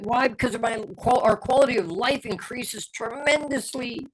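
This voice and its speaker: A man's voice: extremely high pitch, normal speed, hardly any pauses, fairly bright tone, poor audio. A middle-aged man hosts his own show and delivers an unscripted motivational talk. He speaks with fervent conviction and leans on repeated words and short punchy phrases. A faint hiss of noise sits under his voice. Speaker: podcast host and performance coach.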